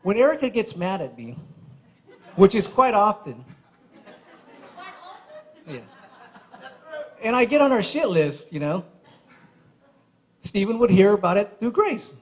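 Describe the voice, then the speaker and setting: Best man, male, high-pitched, casual and giggly, emotional wedding toast at a reception. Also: very animated, measured pace, long pauses, a faint crowd, rough recording. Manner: chatty, laughs often through his stories; admits he gets emotional.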